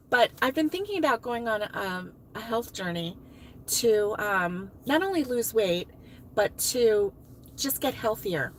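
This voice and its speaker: Bright, high-voiced chatty woman host. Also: a little hiss or hum, rough recording. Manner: chatty, laughs often, answers chat comments. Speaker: crochet livestream host. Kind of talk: casual live-stream chat.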